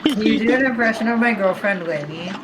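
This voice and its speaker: A woman's voice: on the high side, expressive, fast talker, noisy background. A woman chatting on a call, enthusiastic and teasing. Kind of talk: casual chat on a call.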